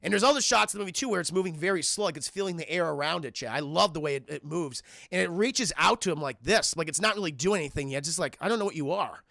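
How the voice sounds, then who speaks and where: A man streams a casual film breakdown, talking straight to his chat in an excitable, profane rush. His voice sits high and heavy with fry, with a bright, forceful edge. The sound is close and dry. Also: fast talker, hardly any pauses, dry recording. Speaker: film reviewer streaming live. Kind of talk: casual spoiler retelling to a live chat.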